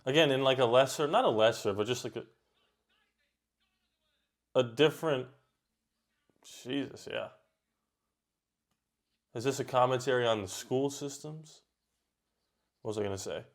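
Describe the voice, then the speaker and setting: A man of ordinary middle pitch chats his way through a reaction video. He talks straight back at the screen in an offhand way, with quick outbursts. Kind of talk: casual reaction commentary.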